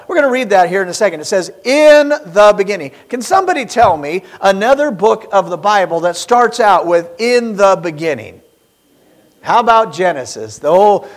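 A man with a high voice preaches a Sunday morning sermon. He asks the congregation questions and leans hard on key phrases. He reads scripture in slow, stressed phrases. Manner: preaching with rising emphasis and rhetorical questions. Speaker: pastor.

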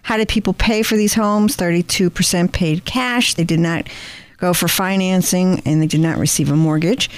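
Smooth-voiced woman radio host. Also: on the low side, moderate pace. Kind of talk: radio talk and reading statistics.

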